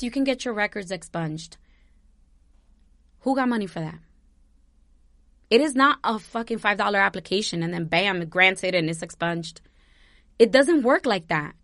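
Impassioned, bright-voiced young woman vlogger. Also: mid-range voice, dry recording, clean studio sound. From New Jersey, USA. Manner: impassioned, swearing, talks in circles. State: close to tears. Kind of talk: emotional personal commentary.

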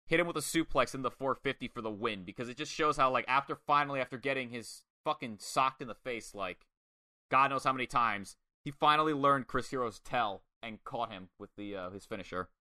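A man casually reviewing a wrestling match, excitable and swearing often, acting out lines in quoted voices. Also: medium pitch, fairly quick, dry recording, clean studio sound. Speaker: podcast co-host.

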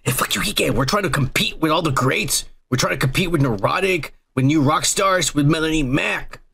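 A man's voice: a little high, normal speed, vocal fry, sharp tone, husky. A young man hosting a podcast, joking and rambling with lots of profanity. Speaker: podcast host. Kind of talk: casual crude podcast banter.

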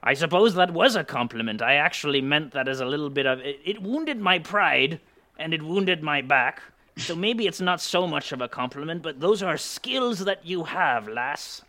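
A man's voice: on the high side, animated, moderate pace, sharp tone. A man playing a proud, easily startled pirate captain in an improvised comedy, blustery and stammering. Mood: grumbling. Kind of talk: improvised comedy role-play.

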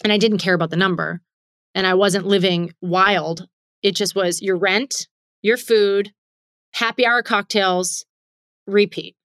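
A woman comedian from Pittsburgh, in her thirties, telling her story in an interview with lively listing runs. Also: medium pitch, no room sound, studio quality. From Pittsburgh, Pennsylvania. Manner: animated, lists things in quick repeating runs. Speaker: comedian guest.

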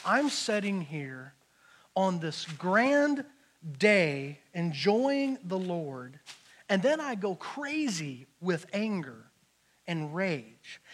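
Animated, high-voiced pastor preaching. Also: male voice. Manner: animated storytelling, swinging from shouting to hushed. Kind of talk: sermon.

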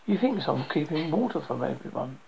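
A tired, level-headed man , as the audiobook reader plays him, talking others down with firm reason. The voice is gravelly and sits at a middling pitch. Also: sing-song, brisk, warm tone, a little hiss or hum, low-quality recording. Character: weary, steady man leading desert survivors.

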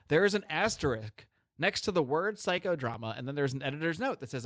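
Animated, slightly high male podcaster. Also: fairly quick, dry recording, studio quality. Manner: animated, profane storytelling with restarts. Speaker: podcast co-host. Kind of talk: casual chat. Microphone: podcast mic.

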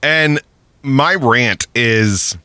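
A man's voice: mid-range voice, very slow, sharp tone, dry recording. A man hosting a casual podcast chat, ranting with lots of swearing and frequent laughter. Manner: profane, ranting, laughs often. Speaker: podcast host.

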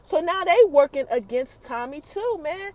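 A woman with a high voice hosts a podcast and recaps a TV episode. She talks directly to her listeners in a loose, conversational way. Her pitch swings widely as she tells the story. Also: expressive, darkish tone. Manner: chatty, addresses listeners directly, retells scenes in quick asides. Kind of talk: casual recap monologue.

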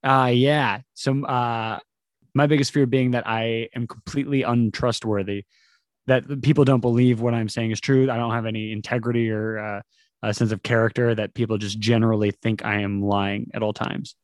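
A man's voice: medium pitch, little pitch movement, moderate pace, no echo, clean studio sound. A man in his thirties, a comedian guest on a casual podcast, rambling with frequent laughs. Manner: laughing, rambling, slips into mock voices.

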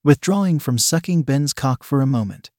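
A man narrates a story in the first person, reading it aloud at a calm, even pace. His pitch is an ordinary middle range, and the recording is close-miked and dry with no room echo. The text he reads is an erotic story.

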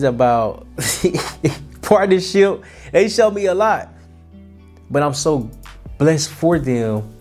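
A young man hosts a podcast, delivering an earnest, colloquial motivational talk full of restarts and repetitions. His voice sits fairly high with a darkish tone.

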